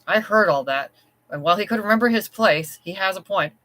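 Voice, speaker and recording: A reader voicing a stern but caring housekeeper in an audiobook story, measured and advising. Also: mid-range voice, animated, pushed and bright, voice pushed up, rough recording.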